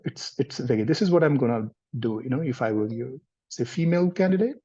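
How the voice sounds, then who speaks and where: Soft-spoken trainer, dull recording. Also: male voice, mid-range voice, animated, fast, breathy edge. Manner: gentle, explanatory, mixes in Hindi words. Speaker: counseling trainer. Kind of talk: explaining in a live workshop. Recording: dull lo-fi sound.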